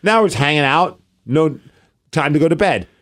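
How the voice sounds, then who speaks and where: A man in his thirties co-hosting a podcast, telling a story in lively casual chat and acting out quotes. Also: on the high side, moderate pace. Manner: animated storytelling, acts out quotes. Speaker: podcast co-host.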